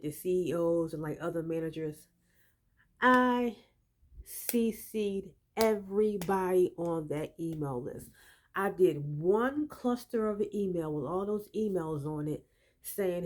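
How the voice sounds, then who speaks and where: Exasperated woman with a lower voice. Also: darkish tone. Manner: emphatic and exasperated, with frequent fillers. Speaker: tenant telling of a dispute with a landlord. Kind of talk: casual spoken testimony.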